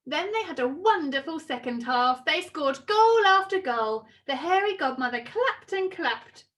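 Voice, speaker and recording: A woman reading a children's story aloud with expressive, sing-song storytelling. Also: high voice, unhurried.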